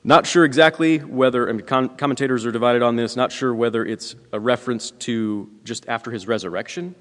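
A pastor preaching a conversational sermon, often asking "right?" and pausing with filler words. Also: male voice, medium pitch, fairly bright tone. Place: church sanctuary. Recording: long hall reverb.

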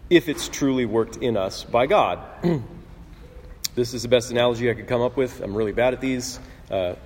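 A man preaching a sermon in an earnest, conversational way, often clearing his throat and restarting phrases. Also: mid-range voice, moderate pace, slight background noise. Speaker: pastor. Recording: husky voice in a long-reverb hall.

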